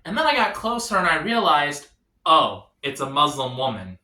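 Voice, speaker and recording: A man doing an awkward, self-deprecating stand-up comedy set, dropping to quiet punchlines. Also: fairly high pitch, expressive, normal speed, reverberant.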